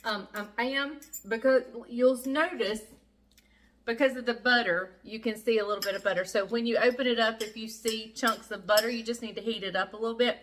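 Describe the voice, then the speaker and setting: A woman's voice: a little high, fairly even intonation, fairly quick, a bit bright, slight background noise. A woman with a Southern US accent hosting a casual home cooking vlog from her kitchen, chatty and folksy, laughing often. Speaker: cooking channel host.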